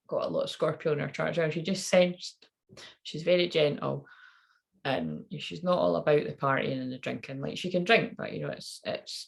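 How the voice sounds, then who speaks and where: A woman's voice: low-pitched, creaky. A woman in her thirties, a tarot reader, telling a candid personal story in a rambling, swearing way.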